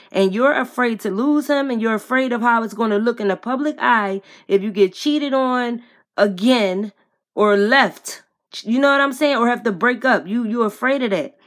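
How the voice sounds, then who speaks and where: A woman vlogger giving a blunt, profane, heated commentary to camera, speaking straight to the person she criticizes and to her viewers in slangy casual talk. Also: fairly high pitch. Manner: addresses viewers directly, slangy.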